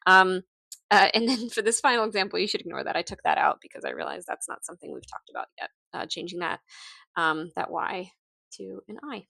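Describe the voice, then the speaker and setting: This woman's mid-range voice is creaky, bright, and forceful, moving fairly quickly in a dry recording. As a teacher going over her lesson packets, she's casual but hesitant, with frequent ums, restarts, and light laughs.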